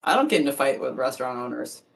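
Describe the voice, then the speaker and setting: A woman in a relaxed, casual chat about her eating challenges. She wanders through her stories, trailing off and picking back up. Her voice sits a little away from the microphone. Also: a bass voice, fast, creaky, far from the mic. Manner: relaxed, rambling storytelling with fillers. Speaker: competitive eater.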